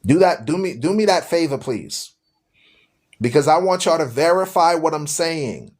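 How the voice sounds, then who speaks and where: A man's voice: fairly high pitch, animated, moderate pace. A man hosting a live-streamed religious talk show, speaking to his listeners in a preachy, repetitive way. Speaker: radio show host.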